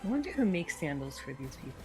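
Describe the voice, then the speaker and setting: A man's voice: on the high side, big pitch swings, quick pace, soft background music. A man playing in a tabletop game, chatting casually, joking and laughing as he asks about his moves. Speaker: player.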